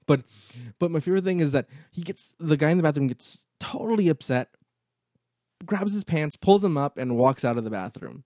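Casting: male podcast co-host, warm mellow tone, dry close sound, animated storyteller. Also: on the high side, normal speed, no room sound. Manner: animated storytelling, acts out movie lines. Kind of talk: casual chat.

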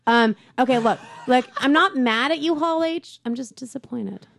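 A young woman co-hosting a podcast, telling stories in an excitable, animated way. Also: high voice, moderate pace, gravelly, slight background noise. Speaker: podcast co-host. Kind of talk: casual chat. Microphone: close studio mic with headphones.

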